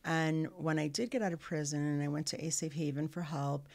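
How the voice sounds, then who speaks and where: Gravelly middle-aged woman telling her story. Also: low-pitched, little pitch movement, a little mellow. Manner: earnest, halting, frequent restarts. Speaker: podcast guest. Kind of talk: candid personal storytelling.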